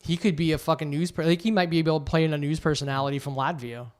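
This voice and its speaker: Smooth-voiced, rambling male co-host. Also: on the high side, steady tone, rapid-fire. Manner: rambling, self-correcting, profane. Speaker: podcast co-host. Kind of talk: casual chat.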